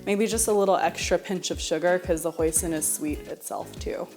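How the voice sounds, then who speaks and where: A woman's voice: lowish voice, normal speed, a little mellow, soft background music. A young woman hosting a home cooking video, talking straight to the viewer in a friendly, chatty way. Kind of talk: casual cooking demonstration.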